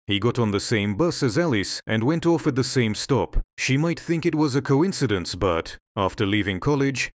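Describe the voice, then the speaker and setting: A man reading a dramatic story as narrator at a quick pace. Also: mid-range voice, dry recording, studio quality.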